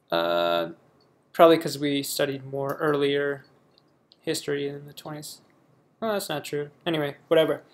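A man's voice: a little high, vocal fry. A young man from the United States casually reading a word list aloud and reacting offhandedly in a vlog. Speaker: vlogger.

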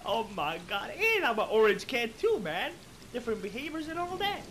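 A man hosting a let's play, excitable and slangy, swearing freely and calling everyone bro and man. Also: very high voice, normal speed, background noise. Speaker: gaming channel host. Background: game music.

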